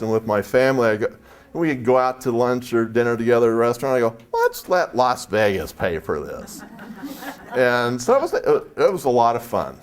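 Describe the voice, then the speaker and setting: At a spiritual expo, a man from San Jose, California shares a chatty story with the audience. He speaks in a mid-range voice and voices the characters' exchanges.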